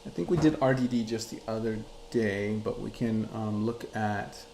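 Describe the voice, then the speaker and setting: A man's voice: fairly low pitch, moderate pace, vocal fry, warm tone, slight background noise. Male host, live chart tutorial, chatty and loose, roomy echo. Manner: reads chat aloud, loose and conversational. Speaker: crypto chart analyst hosting a live class.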